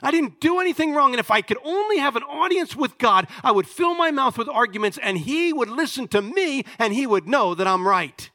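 A man voicing Job as a suffering, righteous man who protests loudly and with passion. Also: lowish voice, measured pace, hardly any pauses. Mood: defiant.

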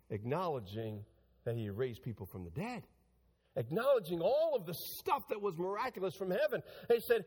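A man's voice: high-pitched, big pitch swings, moderate pace, breathy edge. A man preaching a sermon as pastor, retelling scripture dramatically and voicing the figures in it. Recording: long hall reverb.

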